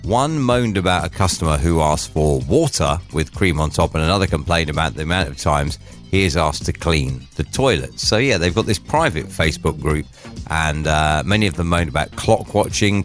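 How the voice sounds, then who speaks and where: A man's voice: low voice, fairly quick, soft background music. A man hosting a drivetime radio show, chatting casually and cracking jokey asides.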